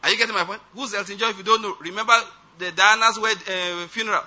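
A man's voice: high-pitched, fairly even intonation, fast talker, bright, forceful tone. A man preaching a sermon, emphatic and often checking that his listeners follow. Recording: dull lo-fi recording.

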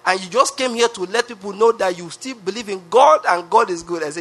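Husky, high-pitched preacher with Nigerian accent. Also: male voice, a little fast, hardly any pauses, bright, forceful tone, faint music behind. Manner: emphatic, repeats phrases, asks the crowd questions. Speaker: pastor. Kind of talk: sermon.

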